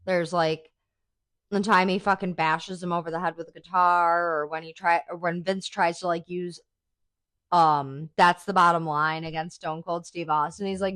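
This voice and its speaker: Host: woman, low voice, dry close sound, swears freely, gushing fan chatter. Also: steady tone, normal speed, a bit bright, dry recording. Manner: chatty, profane, enthusiastic fan talk with many "like"s. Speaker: podcast host. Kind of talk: casual chat.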